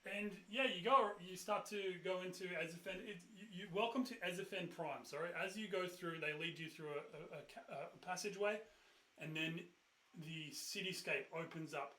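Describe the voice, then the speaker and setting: A man runs a tabletop game, narrating the scene in a loose, rambling way full of fillers and sudden loud bursts for characters. His voice sits fairly high and bright, and the room around him sounds echoey. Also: normal speed. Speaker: game master.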